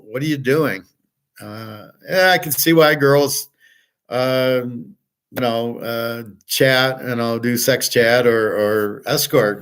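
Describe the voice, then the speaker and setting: An older man hosting a show, talking in a rambling, blunt personal monologue with frequent profanity. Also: medium pitch. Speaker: show host.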